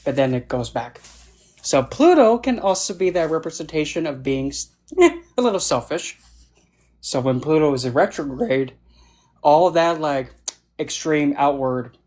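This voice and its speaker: A man's voice: a little high, very animated, a little slow, darkish tone. A man on a video call, a panelist telling playful, jokey stories and acting out the voices. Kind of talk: casual panel talk.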